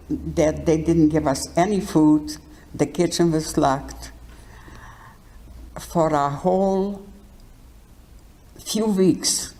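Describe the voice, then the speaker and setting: An older woman giving her life testimony in an interview, speaking haltingly and often restarting words. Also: low-pitched, warm tone. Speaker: Holocaust survivor interviewee.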